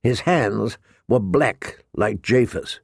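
A man narrating an audiobook in a slow, measured reading. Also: lowish voice, expressive, vocal fry, slightly rough, no room sound, studio quality.

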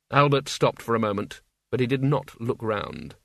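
A man's voice: mid-range voice, sing-song, normal speed, vocal fry, fairly bright tone, dry recording, clean studio sound. Man reading a story aloud. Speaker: audiobook narrator. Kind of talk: scripted narration.

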